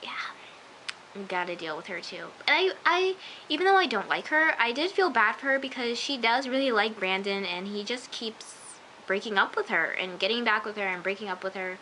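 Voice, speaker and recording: A woman's voice: mid-range voice, lively intonation, brisk, bright, forceful tone, a little hiss or hum, low-quality recording. A woman chatting emphatically as she recaps and reviews a TV episode, with lots of asides. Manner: chatty, emphatic, often says "I'm just like". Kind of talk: casual recap vlog.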